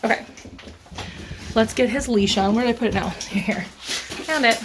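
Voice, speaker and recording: A woman's voice: a little high, moderate pace, background noise. A young adult woman vlogging casually, talking to herself about her errands in a frazzled way. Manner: frazzled, talks to herself, vents. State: frustrated. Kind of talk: casual vlog chat.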